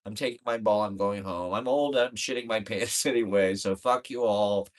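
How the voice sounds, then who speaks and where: A man's voice: lowish voice, normal speed, close to an everyday voice. A man voicing a petulant old male politician, whining, profane and threatening.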